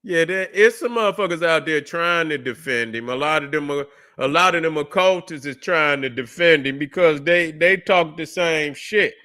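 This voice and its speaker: A man's voice: on the high side, normal speed, bright, forceful tone. A man hosting a livestream, loose and profane, mocking, with many fillers and restarts. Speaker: livestream host. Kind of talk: casual ranting commentary.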